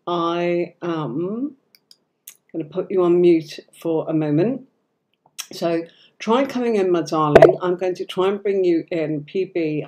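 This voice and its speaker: Hoarse woman with a cold, slow and low. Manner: chatty and affectionate, fussing with software while talking. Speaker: tarot reader hosting a live stream. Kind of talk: live-stream chat.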